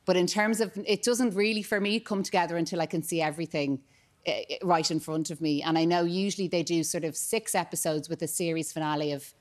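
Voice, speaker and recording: A young woman with an Irish accent, a guest on a TV morning show, chatting quickly and filling her talk with "like" and "you know". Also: on the low side, fairly even intonation. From Ireland. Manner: chatty, fast, with many fillers like "like" and "you know". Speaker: actor guest. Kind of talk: casual TV interview chat. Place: TV studio.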